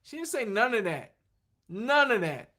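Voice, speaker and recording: Running on fumes, a livestream host drifts through easygoing chatter in a sing-song, slightly slow delivery. The mid-range voice stays bright and forceful, with plenty of laughter and answers to viewers' comments as they arrive.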